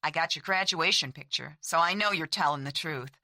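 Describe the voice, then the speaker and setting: A woman voicing an eager, brisk soldier who is the heroine's older brother. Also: low voice, no room sound, clean studio sound. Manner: eager, brisk, falsely bright.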